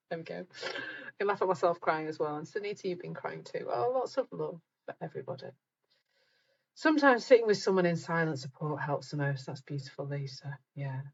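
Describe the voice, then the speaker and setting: A middle-aged woman hosts a live group talk, chatting warmly with her viewers and reading their comments aloud. Her voice sits a little low and comes across breathy. The live-stream sound is dull and lo-fi. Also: animated, fairly quick. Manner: chatty, reads out viewer comments, laughs at herself.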